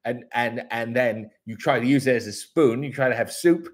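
A man's voice: mid-range voice, normal speed, close to an everyday voice. A man doing a comic impression of a ditzy, giggly woman wrestler who explains things in a rambling, confused way.

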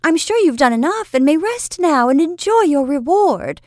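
A woman voicing an anxious young woman who pleads with a soldier in a high voice. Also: sing-song, normal speed, darkish tone, no echo, clean studio sound. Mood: pleading.

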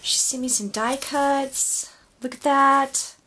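A woman's voice: high-pitched, fairly even intonation, slow, pushed and bright, a little hiss or hum. A woman opening a craft swap package on video, gushing and gasping with delight at each item. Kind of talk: unboxing vlog.

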